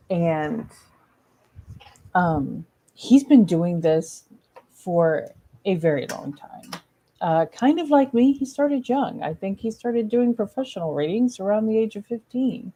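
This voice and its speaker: Chatty woman with a mellow voice. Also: on the low side. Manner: chatty, gushing, casual swearing. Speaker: psychic medium. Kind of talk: casual weekly card reading.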